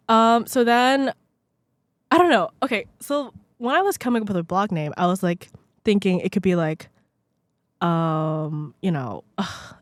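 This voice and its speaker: A young woman hosting her own podcast, rambling and self-deprecating in casual chat, filling every sentence with "like" and drifting off the microphone now and then. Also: no room sound. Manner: lively swings in pitch and loudness. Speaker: podcast host. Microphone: podcast microphone, sometimes speaking away from it.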